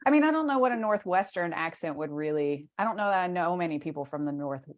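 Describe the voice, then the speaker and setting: A woman's voice: lowish voice, lively intonation, fast. A woman with a Southern accent blending West Virginia and Charleston, co-hosting a podcast and chatting casually, often restarting her sentences. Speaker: podcast co-host. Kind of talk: casual chat.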